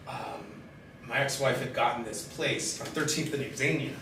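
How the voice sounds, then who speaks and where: A middle-aged man telling his own life story in a halting, candid way, with many pauses and fillers. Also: medium pitch, vocal fry. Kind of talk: personal storytelling in conversation. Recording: very echoey room, distant mic, steady background noise.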